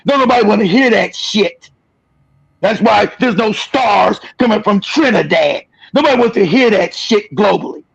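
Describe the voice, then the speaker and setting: A man's voice: sits high, lively intonation, moderate pace, gravelly, breathy edge, dull audio. A man hosting a livestream, delivering an angry, profane, aggressive rant. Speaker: livestream host. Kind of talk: angry ranting monologue.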